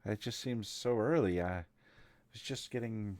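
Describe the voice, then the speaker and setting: A man's voice: on the low side, a little slow, darkish tone, dry recording, close to an everyday voice. A man voicing a widowed noble lady who is aloof and dazed, talking in a detached, resigned way.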